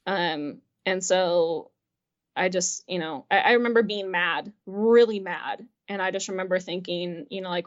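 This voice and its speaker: With a fairly low pitch and a slightly slow delivery, this interview guest recounts a personal story over dull-sounding audio. She's chatty and filler-heavy, voicing the quoted dialogue and laughing frequently.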